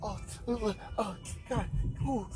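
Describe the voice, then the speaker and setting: A man voicing a woman lover in bed, moaning in a breathy, high-pitched way. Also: slow pace, over music.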